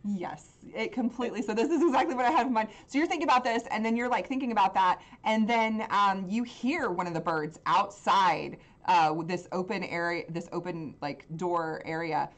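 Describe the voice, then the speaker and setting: A woman's voice: medium pitch, moderate pace, few pauses. Woman game master for a tabletop game, loose and rambling. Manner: rambling, filler-heavy.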